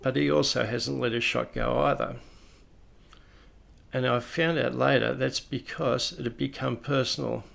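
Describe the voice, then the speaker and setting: A man's voice: mid-range voice, steady tone, normal speed, gravelly, fairly bright tone. An Australian man who is a police officer, telling a personal story in a plain-spoken, reflective, conversational way.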